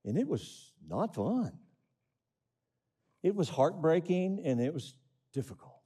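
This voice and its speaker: A man's voice: a little high, sing-song, unhurried, warm tone, breathy edge. A middle-aged man preaching a sermon, reading scripture and asking the congregation questions with rising emphasis. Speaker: pastor.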